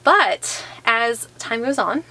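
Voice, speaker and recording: A woman's voice: fairly high pitch, expressive, slow pace, bright, forceful tone. A woman giving a casual video book review, talking in a chatty way with lots of "like" fillers. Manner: chatty, heavy use of "like" fillers.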